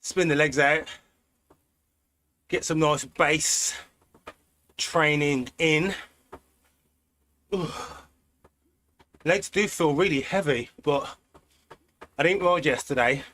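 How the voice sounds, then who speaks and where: A man from Britain with a British accent, chatting in a relaxed way while hosting a cycling live stream from an indoor trainer at home. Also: on the high side. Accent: British English. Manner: relaxed, chatty, thinking aloud with pauses. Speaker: cycling livestream host. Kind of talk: casual live-stream chat while riding.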